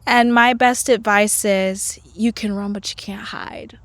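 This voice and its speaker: A woman's voice: mid-range voice, steady tone, measured pace, fairly bright tone, no room sound. A woman guest in a casual interview, speaking playfully and laughing often. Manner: playful, laughs often, acts out inner voices. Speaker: podcast guest, herbal medicine lecturer.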